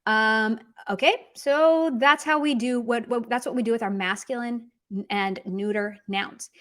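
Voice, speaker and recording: A woman teaching an online grammar lesson in a chatty, encouraging way, drilling example words aloud slowly. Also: fairly high pitch, fairly bright tone. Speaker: language teacher.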